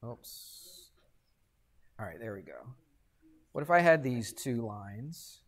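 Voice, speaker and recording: A man's voice: medium pitch, sing-song, takes it slowly, slight background noise. A middle-aged man teaching math to a classroom, asking the students questions and answering them himself, with jokey asides. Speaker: high school math teacher. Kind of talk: classroom lecture.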